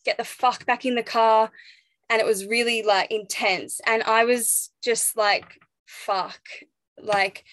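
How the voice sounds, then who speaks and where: A young pregnant woman telling a personal story as an interview guest, reflective and halting, with restarts and soft laughs. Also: on the high side, no echo.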